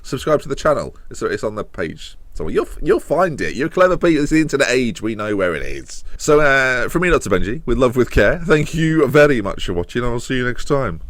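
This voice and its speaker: A man's voice: medium pitch, no room sound. A young man commentating on his football management game in casual chat, with exasperated outbursts. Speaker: gaming YouTuber.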